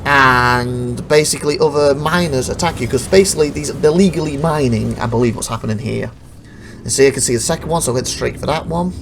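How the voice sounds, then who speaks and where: A man's voice: medium pitch, a little fast, gravelly, noisy background. A man giving casual commentary over recorded gameplay, rambling, restarting sentences and laughing at glitches. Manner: rambling, self-interrupting, laughs at bugs.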